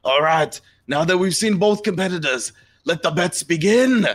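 A man doing a booming devil toad announcer. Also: normal speed, fairly bright tone. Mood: announcing. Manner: showman announcing.

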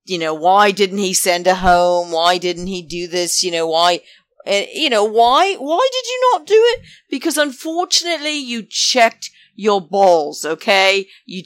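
A woman's voice: medium pitch, fairly bright tone, no echo. A woman giving chatty, gossipy commentary on a reality show, laughing often and calling her viewers darlings. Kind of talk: casual commentary vlog.

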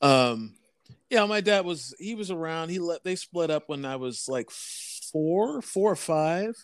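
Smooth-voiced laid-back man. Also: fairly high pitch, lively intonation, a little slow, no room sound. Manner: laid-back, laughs often, dry humor. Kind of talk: casual chat.

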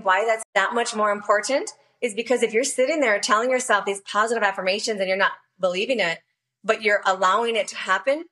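A woman's voice: mid-range voice, sharp tone. A woman guest on a podcast, a self-expression coach who speaks candidly and bluntly with many fillers. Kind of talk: casual podcast interview.

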